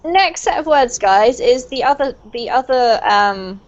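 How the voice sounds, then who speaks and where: This woman's voice is on the high side and animated, with a measured delivery, as she coaches an online class on English pronunciation. She offers lots of encouragement and praise, and the sound comes through muffled and low-fidelity from the video call.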